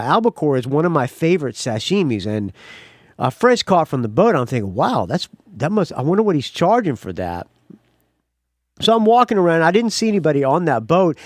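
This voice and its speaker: Man, podcast host, casual rambling monologue, slightly high voice, very lively pitch, dry close sound. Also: no echo. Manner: rambling storyteller, acts out quotes loudly.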